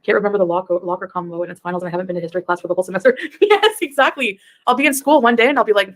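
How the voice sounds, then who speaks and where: A woman's voice: medium pitch, rapid-fire, hardly any pauses. A woman in her thirties, a YouTube reaction streamer, chatting casually on a livestream in a rambling way and laughing often. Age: 30s.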